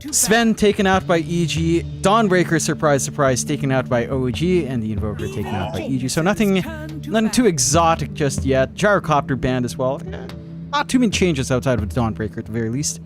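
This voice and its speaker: A man's voice: on the high side, big pitch swings, music in the background. A man from the Philippines casting an esports match, teasing and joking between draft calls. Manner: playful, teasing, quick to laugh. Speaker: esports caster.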